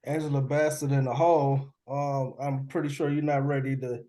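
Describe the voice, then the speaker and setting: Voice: medium pitch, little pitch movement, normal speed, warm tone. A panelist on a casual movie review podcast, talking in an exasperated way and firing off indignant questions.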